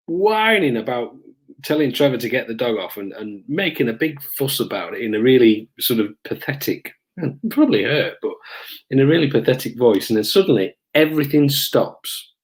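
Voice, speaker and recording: A middle-aged man, casually recounting police stories to camera with frequent ums. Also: medium pitch. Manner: relaxed, hesitant with frequent ums, acts out voices in stories. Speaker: police officer recounting his career.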